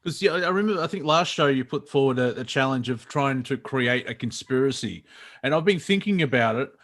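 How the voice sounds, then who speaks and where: A man's voice: mid-range voice, expressive, brisk, a bit bright. A man co-hosting a live comedy talk show, rambling with fillers and laughing often. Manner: giggly, rambling, full of fillers. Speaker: co-host.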